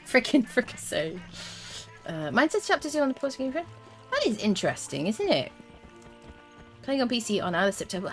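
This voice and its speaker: A woman's voice: fairly high pitch, sing-song, normal speed, long pauses, faint music behind. A woman streaming a game, chatting casually with her viewers and humming little tunes as she plays. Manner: chatty, talks to chat, hums little tunes. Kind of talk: casual live gameplay commentary.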